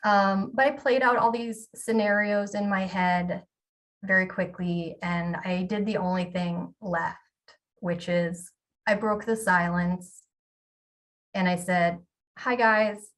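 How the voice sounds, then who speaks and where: A woman's voice: fairly low pitch, steady tone, slow pace, distant mic. A woman in her forties giving a candid, self-deprecating storytelling talk as a keynote speaker, with the odd filler um.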